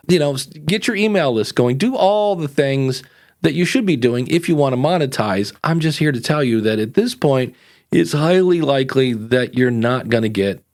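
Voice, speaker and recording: A middle-aged man hosting a podcast coaching show, ranting with sarcastic, animated asides. His voice sits at an ordinary middle pitch. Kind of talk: casual podcast chat.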